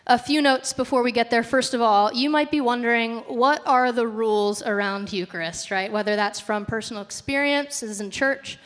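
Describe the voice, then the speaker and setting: A woman's voice: on the high side, moderate pace, hardly any pauses, fairly bright tone. A woman leading a church service, talking in a chatty way with fillers. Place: church hall. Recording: reverberant church hall.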